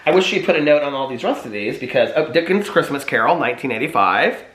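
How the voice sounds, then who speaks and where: A man vlogging casually to his viewers, chatty and animated, often asking them if they can see what he holds up. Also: medium pitch, fast talker, reverberant. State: out of breath. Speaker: vlogger showing old Christmas keepsakes. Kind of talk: casual chat to camera.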